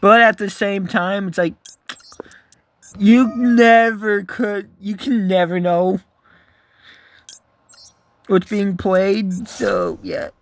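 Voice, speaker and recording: A man with a notably high-pitched voice talks his way through a card game in loose, casual commentary. He rambles, swears freely and keeps cutting himself off to restart his sentences. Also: fairly even intonation, drawn-out words, pauses often. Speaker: gaming video creator.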